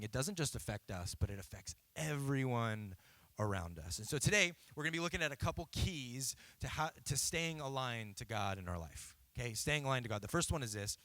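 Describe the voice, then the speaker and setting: This church sermon comes from a pastor in his thirties whose mid-range voice has a slightly bright edge. He spins his stories casually, frequently tossing in "right?" to check on listeners, and the recording is dry.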